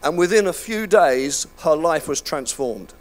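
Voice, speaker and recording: Speaking at a measured pace, this older UK pastor has a higher-than-average, expressive male voice. He preaches in a church hall in a conversational, self-mocking style, often restarting and using filler words.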